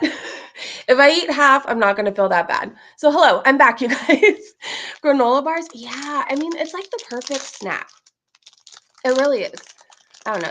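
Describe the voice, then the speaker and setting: A woman's voice: fairly high pitch, fairly bright tone. A woman hosting a casual livestream, chatting to her viewers and laughing often. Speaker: livestream host.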